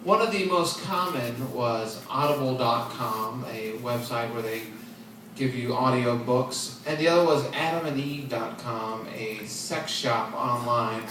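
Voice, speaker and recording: A man in his twenties performing an open mic stand-up set, deadpan and self-deprecating, chuckling at his own jokes. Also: mid-range voice, measured pace, distant mic. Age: 20s. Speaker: stand-up comedian. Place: comedy club stage. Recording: echoey club heard from afar, crowd noise. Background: audience laughing.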